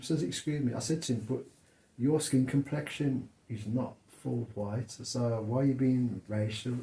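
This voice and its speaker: Gravelly man telling stories. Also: fairly low pitch, echoey room. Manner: storytelling, animated. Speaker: co-host. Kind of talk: casual chat.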